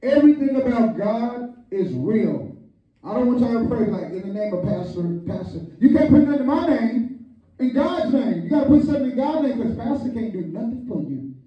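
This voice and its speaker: Older pastor, lively joking sermon, high voice, muffled distant recording in a big echoey church. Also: male voice, normal speed, faint music behind. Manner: call-and-response preaching, joking asides. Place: church sanctuary. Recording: echoey hall, distant, dull lo-fi.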